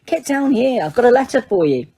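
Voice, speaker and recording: A woman's voice: mid-range voice, very animated, normal speed, darkish tone. A woman reading as an earnest teenage boy wizard. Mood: casual. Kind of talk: audiobook character reading.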